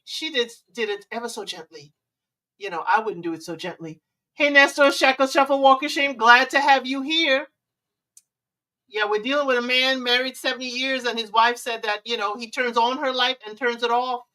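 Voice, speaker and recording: A woman hosting a live advice stream, sassy and teasing, with disapproving hums between her remarks. Her voice sits a little high and sounds bright and forceful. She is some distance from the mic. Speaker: livestream host giving relationship advice. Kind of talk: casual live commentary.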